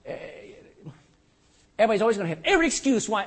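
An older man preaching a sermon as pastor, animated and joking, with rhetorical questions to his congregation. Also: high-pitched, rapid-fire.

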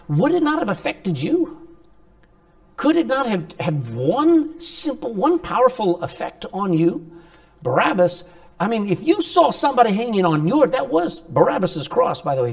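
A man delivers a sermon in a fairly high voice that leaps up and down as he preaches. He swings from loud, pressing emphasis to quiet asides and keeps throwing rhetorical questions at the congregation. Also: creaky.

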